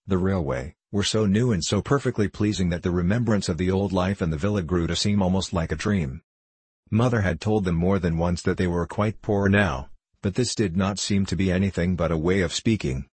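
Deep husky male storyteller. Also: darkish tone, no echo. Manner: measured, storytelling. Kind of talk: audiobook narration.

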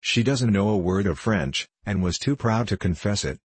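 A man's voice: lowish voice, animated, normal speed, husky, no echo. A man voicing a defiant, bitter young woman in a storybook reading, spiteful and mocking.

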